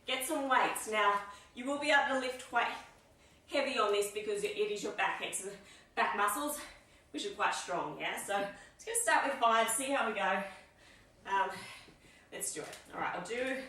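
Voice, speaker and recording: A woman's voice: medium pitch, lively intonation, moderate pace, sharp tone. Upbeat woman coaching a workout. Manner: upbeat, encouraging, cueing reps and breathing. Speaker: fitness instructor. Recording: echoey room, mic at a distance.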